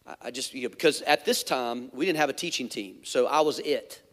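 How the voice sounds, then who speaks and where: A man's voice: mid-range voice, a little fast, a bit bright. Candid pastor, man, echoing church hall. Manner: candid, conversational, many asides. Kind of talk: storytelling sermon.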